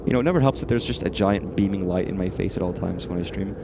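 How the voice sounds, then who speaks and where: Playing a horror game on stream, this man rambles, swears without restraint, and addresses the things on his screen in relaxed live commentary. He speaks fast in a low voice with vocal fry, and the background is noisy.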